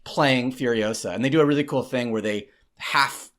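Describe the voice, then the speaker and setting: A man's voice: mid-range voice, normal speed, fairly bright tone. A man co-hosting a movie review, talking enthusiastically and emphatically in a casual chat.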